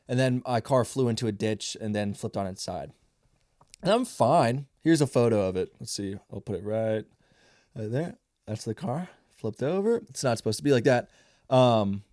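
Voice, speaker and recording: A stand-up comedian and podcast host in his twenties rambles and swears through a casual, self-mocking monologue. His voice is mid-range and darkish, captured in a dry, studio-quality recording.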